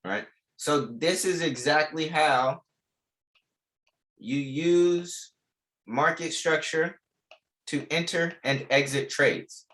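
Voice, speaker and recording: A man's voice: fairly high pitch, slow, pauses often, fairly bright tone. Emphatic man teaching a live class. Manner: repetitive, emphatic, slangy teaching. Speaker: trading instructor.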